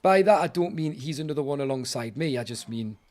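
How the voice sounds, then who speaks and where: A man's voice: mid-range voice, expressive, brisk, darkish tone. A British man streaming a game live, chatting with viewers and grumbling in exasperation. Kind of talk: live gaming commentary.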